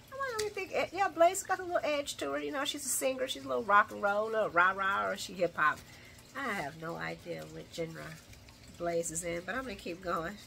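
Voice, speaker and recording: A woman's voice: medium pitch, sharp tone. A woman recapping a soap opera in casual chat, sassy and opinionated, laughing often as she talks.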